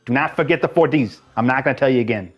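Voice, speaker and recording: A man's voice: medium pitch, rapid-fire, muffled recording, faint music behind, lightly acted. A man playing a harried male boss in an improvised comedy sketch, lecturing his clown employee, cursing and repeating himself.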